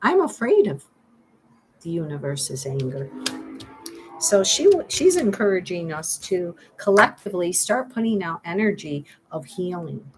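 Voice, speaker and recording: A woman's voice: lowish voice, sing-song, unhurried, over music, rough recording. A middle-aged woman giving a spiritual card reading to her viewers, earnest and pleading, repeating her phrases.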